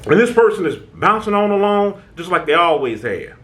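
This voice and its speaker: This man's voice sits high and is very animated, slightly bright, at a moderate pace. Running a self-help talk for his channel, he preaches conversationally in relaxed American speech, often stammering, restarting, and asking "right?"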